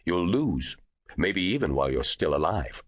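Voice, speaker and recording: A man voicing a huge, genial angel in human form who talks in a slow, scoffing drawl. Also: low voice, very animated, no room sound, studio quality.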